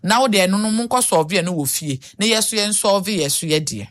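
A woman's voice: mid-range voice, lively intonation, brisk. A woman with a Ghanaian accent giving health advice on the radio, earnest and repeating her warnings. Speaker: health talk guest.

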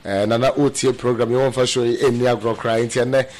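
A man with a Ghanaian accent hosting a radio talk show, briskly announcing greetings and reading out phone lines. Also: mid-range voice, steady tone, a little mellow.

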